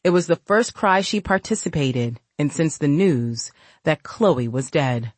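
A woman narrating a novel as an audiobook, reading in a measured, even way. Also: deep voice, dry recording. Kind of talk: scripted narration.

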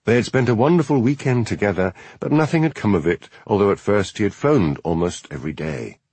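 A man reading a novel aloud as narrator, in measured storytelling. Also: on the low side, big pitch swings, darkish tone, slightly rough, no room sound. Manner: measured storytelling, voices each character. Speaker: audiobook narrator. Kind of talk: scripted narration.

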